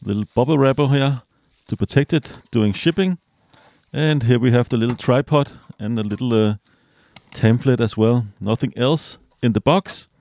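Gravelly-voiced man doing a relaxed unboxing. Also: medium pitch, normal speed, no room sound. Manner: relaxed, hesitant, many fillers and self-corrections. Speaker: product reviewer. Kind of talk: casual unboxing review.

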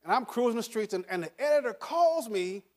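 A man's voice: very high voice, expressive, brisk, darkish tone. An older man giving a motivational talk to an audience, speaking emphatically, repeating words and chuckling through his stories. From United States.

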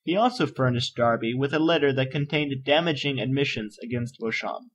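A man reading an encyclopedia article aloud in a measured, even narration. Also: mid-range voice. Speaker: volunteer article reader. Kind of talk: steady read-aloud narration.

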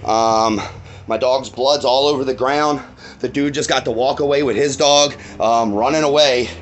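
A man's voice: medium pitch, fairly even intonation, normal speed, a little hiss or hum. A shaken, angry man swears a lot as he recounts a dog attack outdoors in a parking lot, filming himself on a phone. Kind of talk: agitated first-person retelling.

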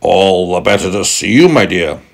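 A scheming, hungry storybook wolf, put on by a man reading aloud, sounding smug and tricky. The voice is low and a little husky, with a sly edge to every line. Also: lively intonation, moderate pace, exaggerated voice.

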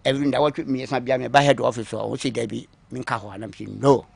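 A man recounting his own long story on a talk show, acting out what others said to him, moving between quiet asides and louder bursts. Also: medium pitch, flat delivery, fast, creaky, breathy edge, no echo. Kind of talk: call-in story telling.

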